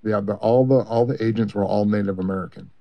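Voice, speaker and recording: A man giving a long, rambling personal account in an interview, halting with many fillers and restarts. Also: on the low side, steady tone, creaky. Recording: muffled lo-fi recording.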